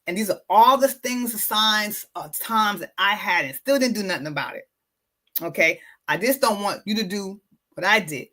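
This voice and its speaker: A woman hosting a wellness podcast, talking in a casual, motivational way. Her voice has a bright, forceful edge, and her pitch sits in the middle range. She often repeats a phrase for emphasis and turns to speak straight to her listeners. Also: animated, normal speed. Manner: repetitive, emphatic, addresses listeners directly. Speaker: podcast host, wellness coach.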